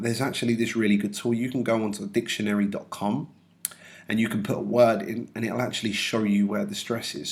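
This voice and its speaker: Male teacher, low flat gravelly delivery, methodical classroom explainer. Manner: methodical, walks through examples step by step.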